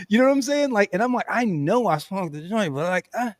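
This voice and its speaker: High-voiced man telling a story. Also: a little fast, few pauses, dry recording, studio quality. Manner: animated, laughs often, says "bro" and "you know what I'm saying". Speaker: podcast host. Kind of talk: casual storytelling chat.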